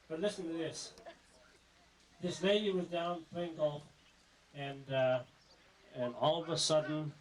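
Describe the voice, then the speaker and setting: At a family gathering, a middle-aged son gives a rambling, informal speech full of jokes, frequently correcting himself along the way. His voice is on the high side and sharp, and the rough recording has slight background noise.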